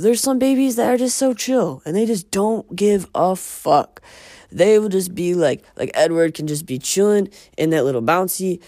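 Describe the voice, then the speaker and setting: A man's voice: fairly high pitch, dark tone, no room sound, studio quality. A man hosting a casual monologue, rambling and profane, often interrupting himself. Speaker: podcast host.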